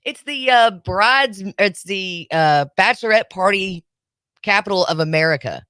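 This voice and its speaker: A woman's voice: mid-range voice, animated, unhurried, fairly bright tone, smooth, no room sound, studio quality. Wry woman bantering on radio. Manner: wry, sarcastic, chatty. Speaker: radio show host. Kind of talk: casual morning radio banter. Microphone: studio microphone.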